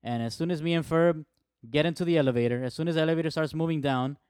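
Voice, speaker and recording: A man co-hosting a casual sports chat, telling a story in a relaxed way. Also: fairly high pitch, fast talker, clean tone, no echo, clean studio sound. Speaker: podcast co-host.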